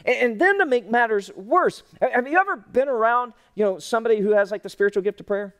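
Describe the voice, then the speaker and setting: A pastor giving an online sermon, folksy and humorous, swinging from loud emphatic lines to hushed tender ones. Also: male voice, extremely high pitch, animated, quick pace. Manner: folksy and humorous, full of restarts.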